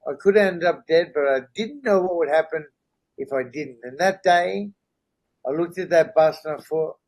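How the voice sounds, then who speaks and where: A middle-aged guest on a podcast, his voice slightly higher than most men's, shares his story in an earnest, candid way. He regularly stops to check in with "right?" and "you know?", and the audio quality is poor.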